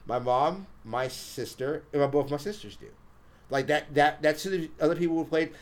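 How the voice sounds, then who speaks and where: A man's voice: fairly high pitch, normal speed. A man hosting a podcast in casual chat, rambling with fillers and restarts. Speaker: podcast host.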